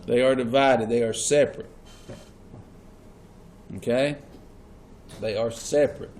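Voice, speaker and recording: A man's voice: medium pitch, steady tone, measured pace, darkish tone, slight background noise. A man teaching a classroom lesson. He keeps asking the class questions and repeats the key points. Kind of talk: classroom lecture.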